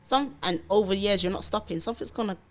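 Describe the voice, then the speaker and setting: A young woman, a podcast guest telling her life story in a lively way and acting out past conversations. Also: mid-range voice, fast talker. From London. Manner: animated storytelling, acts out her own past dialogue. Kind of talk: candid podcast interview.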